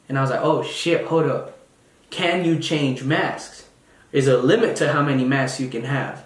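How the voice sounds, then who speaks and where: A man's voice: medium pitch, normal speed. A young man telling a story in a casual monologue, blunt and heavily profane, mocking other people's voices. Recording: roomy echo.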